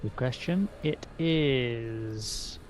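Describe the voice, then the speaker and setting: A man's voice: mid-range voice, extremely slow, slight background noise. A man playing a tabletop game, talking through his character's turn with hesitant fillers. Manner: hesitant, many fillers, explains rules. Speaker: player. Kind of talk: tabletop game play over voice chat.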